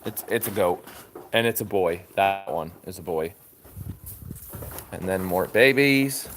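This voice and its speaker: A man's voice: sits low, measured pace, a bit bright, a little hiss or hum. A man hosting a live stream from a farm, doing chores in the barn and talking fondly to the animals as he goes. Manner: chatty, talks fondly to the animals.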